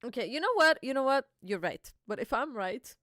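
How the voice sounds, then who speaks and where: A woman's voice: high-pitched, lively intonation, a little fast, a bit bright, no room sound, studio quality. A young woman hosting a live reaction stream, chatty and giggly, reading dialogue aloud.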